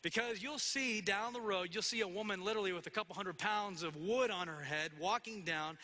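A man delivers an expository sermon, reading verses and unpacking them. His voice sits high and sounds bright. It carries a long reverb from a large hall. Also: a little fast. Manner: expository preaching with quoted scripture and asides. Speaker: pastor.

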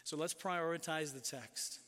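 A man preaching a sermon as a pastor, emphatic, slowing down to stress key phrases. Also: fairly high pitch, a bit bright. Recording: long reverb of a large hall.

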